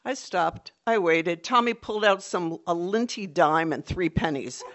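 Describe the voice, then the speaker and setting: A woman's voice: lowish voice, animated, a little slow, a bit bright. A woman telling a personal story on stage, vivid and dramatic.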